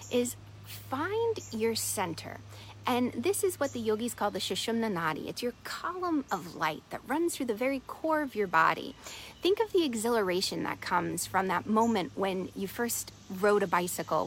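A middle-aged woman coach telling a parable, expressive with soft hushed moments. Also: medium pitch, slight background noise, rough recording. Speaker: wellness coach. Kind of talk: storytelling talk.

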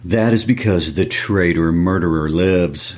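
Stern vengeful noble mother, read by a man in a low husky voice for a class read-aloud. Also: measured pace, darkish tone.

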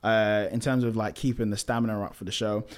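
A young man, a musical theatre actor, chatting in an interview, relaxed and full of fillers and repeats. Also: fairly low pitch, a little fast. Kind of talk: casual interview chat.

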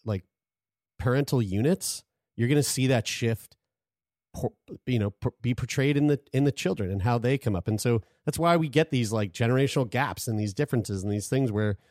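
A man's voice: mid-range voice, brisk, a little mellow, no room sound, studio quality. A man co-hosting a podcast, talking in a loose, rambling way with lots of restarts and swearing. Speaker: podcast co-host. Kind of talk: casual chat.

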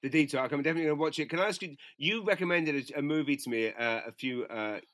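A man's voice: a little high, fast talker, a bit bright, dry recording. A man, co-hosting a casual chat and rambling through strong, profane opinions. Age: 40s. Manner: rambling, opinionated, swears freely. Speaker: podcast co-host.

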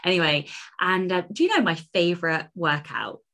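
A woman co-hosting a podcast in casual chat, animated, swearing freely and trailing off into fillers. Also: lowish voice, moderate pace. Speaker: podcast co-host.

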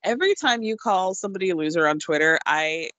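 A woman in her mid-thirties chats in an easygoing way, laughing readily and stumbling into restarts. Her voice sits at an ordinary pitch. It sounds dry and close. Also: fast, dry recording. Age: 30s. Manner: relaxed, laughs easily, hesitant restarts. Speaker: podcast co-host. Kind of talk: casual chat about reality TV.

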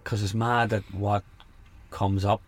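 A man hosting a podcast from a camper van, chatting in a relaxed way and swearing casually. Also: fairly low pitch, unhurried, slight background noise. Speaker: podcast host. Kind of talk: casual conversation.

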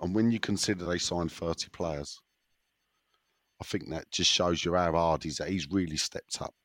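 A man's voice: sits low, fairly even intonation, moderate pace, a bit bright. A man with a sore throat hosting a listener question segment in casual podcast chat, rambling and teasing, often tripping over his words.

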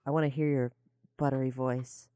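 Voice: medium pitch, flat delivery, normal speed, warm tone, no room sound, clean studio sound. A podcast host and game master chatting casually, rambling with restarts and swearing freely.

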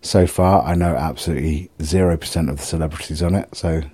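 Deep-voiced, husky man, middle-aged, for a rambling, sweary solo vlog. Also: fairly even intonation, fast, mellow. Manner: rambling, self-mocking, sweary. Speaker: vlogger. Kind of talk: casual solo video diary.

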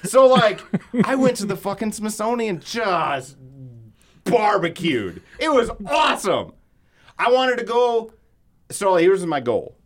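A man's voice: high-pitched, sing-song, slow pace. A man co-hosting a podcast, telling loose, profane stories with lots of laughter in casual chat. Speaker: podcast co-host.

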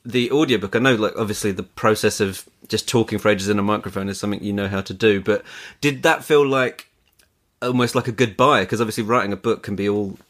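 A man's voice: on the low side, fairly quick, a bit bright. A man co-hosting a podcast, asking long, loosely strung questions full of fillers. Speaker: podcast co-host and musician. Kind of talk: casual podcast chat.

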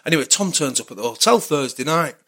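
A man with a British accent, a podcast guest telling a casual anecdote in a lively, chatty way and sometimes swearing. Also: fairly high pitch, fast talker. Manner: animated storyteller, acts out quoted dialogue, swears casually.

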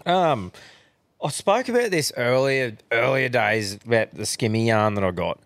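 A man's voice: medium pitch, expressive, normal speed, a bit bright, no room sound. A young Australian man co-hosting a casual podcast chat, swearing freely and laughing through his stories. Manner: swearing, yarn-spinning, laughs often. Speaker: podcast co-host.

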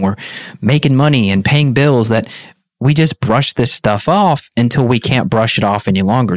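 A man's voice: medium pitch, no room sound. Male health practitioner, earnest storyteller, dry studio sound. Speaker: functional medicine practitioner. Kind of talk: podcast interview.

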